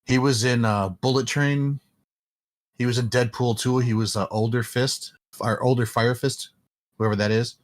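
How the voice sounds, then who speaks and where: A man's voice: mid-range voice, fairly even intonation, normal speed. A man co-hosting a casual podcast chat, rambling with many fillers and restarts. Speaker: podcast co-host.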